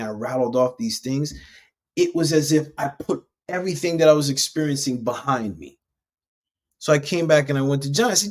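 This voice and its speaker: A man's voice: on the high side, normal speed. A man hosting a spiritual self-help live stream, talking casually and rambling, with frequent restarts. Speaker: host.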